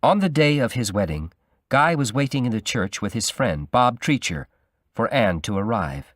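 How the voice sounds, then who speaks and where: An audiobook reader with a mid-range voice narrates a scripted graded-reader novel in a steady, measured storytelling manner. The recording is dry, with clean studio sound.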